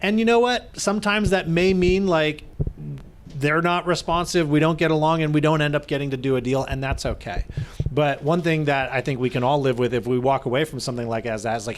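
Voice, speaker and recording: A man's voice: fairly high pitch, a little fast, a little hiss or hum. A man co-hosting a live podcast, speaking earnestly and retelling stories with quoted voices. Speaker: podcast co-host.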